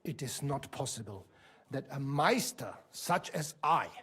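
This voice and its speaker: An actor playing a proud middle-aged German master fencer in a video game, speaking with a German accent. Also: male voice, medium pitch, animated, unhurried, pushed and bright, breathy edge, exaggerated voice. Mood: proud, aggrieved. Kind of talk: game voice acting.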